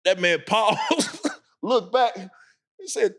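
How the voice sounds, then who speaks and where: Man, high voice, podcast co-host, animated storytelling. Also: slow pace. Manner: animated storyteller, acts out quotes, laughs a lot. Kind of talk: casual storytelling.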